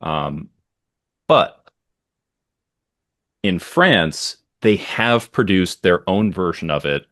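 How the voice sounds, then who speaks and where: A man's voice: low-pitched, animated, drawn-out words, pauses often, fairly bright tone, no room sound, clean studio sound. A man co-hosting a casual podcast chat, enthusiastic and rambling with plenty of ums and uhs. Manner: enthusiastic, rambling with many fillers. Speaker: podcast co-host.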